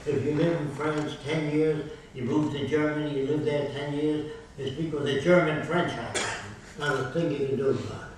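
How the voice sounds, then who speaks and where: A man's voice: on the high side, steady tone, normal speed, a little hiss or hum. An older man giving a public lecture in a university hall, speaking in emphatic, declarative statements and running through lists. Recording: very echoey hall, recorded from far off.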